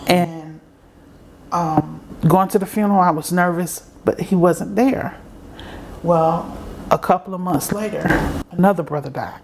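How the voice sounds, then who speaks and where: A woman's voice: lowish voice, unhurried, creaky. Woman guest telling her own story in an interview, earnest, slips into other people's voices when quoting, bit of faint hiss behind. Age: adult, grown. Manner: earnest, acts out quoted voices while telling. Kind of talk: personal story told in an interview.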